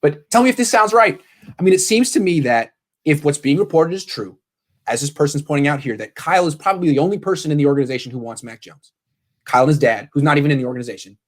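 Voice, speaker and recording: A man hosting a casual sports talk show, animated and quick to paraphrase what others said. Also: a little high. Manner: animated, quotes people in paraphrase. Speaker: sports podcast host.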